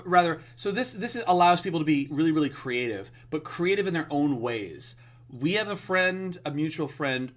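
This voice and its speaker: A man chats on a podcast in a mid-pitched voice, rambling and enthusiastic. He stacks up fillers and restarts as he talks things through. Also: fairly bright tone. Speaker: podcast co-host. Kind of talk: casual podcast chat.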